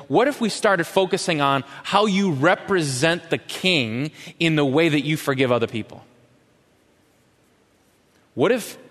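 A man preaching a sermon as a pastor, impassioned and questioning, swinging from loud to hushed. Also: on the high side. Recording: long hall reverb.

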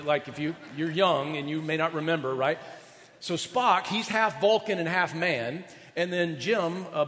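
A male pastor preaching a chatty, animated sermon, often asking his audience questions. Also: on the high side, in a large hall.

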